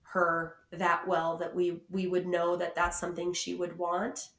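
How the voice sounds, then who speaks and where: In casual chat on a podcast, a woman co-host with a lowish voice tells stories at an unhurried pace. She is an animated storyteller who acts out quotes, and the sound is roomy and echoey.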